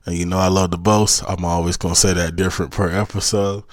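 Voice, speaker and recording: A man's voice: deep voice, level tone, fast talker, dry recording, clean studio sound. A man from South Carolina with a Southern accent, hosting a podcast and giving a preachy, motivational monologue that keeps repeating its urgings. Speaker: podcast host.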